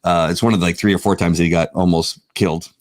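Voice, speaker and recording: A man's voice: sits low, fast talker, no room sound, clean studio sound. A man co-hosting a faith podcast, chatting casually and telling stories with lots of fillers and restarts. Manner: animated storyteller with frequent fillers. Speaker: podcast co-host. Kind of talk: casual chat.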